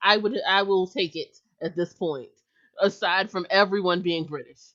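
A woman's voice: fairly low pitch, moderate pace, fairly bright tone, dull audio. A woman co-hosting a casual podcast chat, talkative and giggly, full of filler words. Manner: chatty, giggly, lots of "like" fillers. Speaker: podcast co-host.

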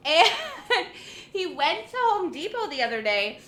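A woman's voice: high-pitched, very animated, measured pace, a bit bright, roomy sound. A woman co-hosting a podcast, chatting casually and animatedly, acting out quotes and swearing as she tells a story. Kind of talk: casual chat.

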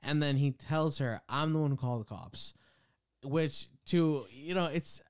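A man's voice: on the high side, measured pace, smooth. Man animatedly recapping a movie. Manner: animated retelling with playful quoted voices. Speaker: podcast co-host. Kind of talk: casual chat recapping a movie.

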